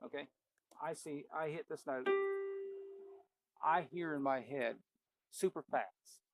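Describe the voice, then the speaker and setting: Slowly and in a fairly high voice, a man teaches a casual ear-training lesson at the piano, naming the notes he plays and working things out aloud. As a piano teacher, he speaks over piano playing that is loud behind his voice.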